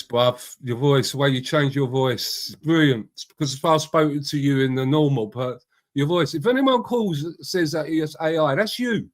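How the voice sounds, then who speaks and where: A man's voice: mid-range voice, normal speed. A middle-aged man, hosting a casual live stream, chatty and rambling, greeting viewers by name and swearing freely. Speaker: livestream host. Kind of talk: casual live-stream chat reading out comments.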